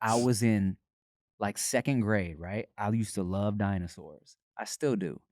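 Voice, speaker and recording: A man's voice: lowish voice, measured pace, darkish tone, no echo, studio quality. Rambling man telling stories on a podcast. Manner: rambling, lots of fillers and laughs. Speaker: podcast co-host. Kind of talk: casual chat, storytelling.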